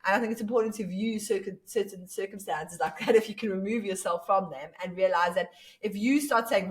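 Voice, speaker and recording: A woman co-hosts a podcast, thoughtfully building examples and laughing easily along the way. Her voice sits at a middle pitch. She sounds a little away from the microphone. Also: a little fast, distant mic. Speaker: podcast co-host. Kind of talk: casual podcast chat.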